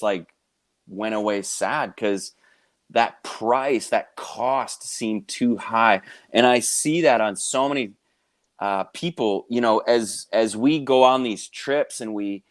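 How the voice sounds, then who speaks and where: A man co-hosting a casual podcast chat, telling a story in an animated way. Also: mid-range voice, unhurried, no room sound, studio quality. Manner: animated storyteller who acts out quoted voices. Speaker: podcast co-host, mission trip leader.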